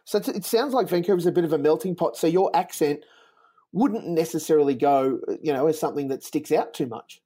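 A man interviewing a guest in a relaxed chat, asking curious, easygoing questions. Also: fairly high pitch, fairly quick.

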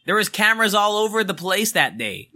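A young man hosting a podcast, venting in an angry, emphatic rant full of swearing. His voice is very bright and sits a little high. It rises and falls widely as he talks. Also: sing-song, a little fast. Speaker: podcast host. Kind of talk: ranting podcast monologue.

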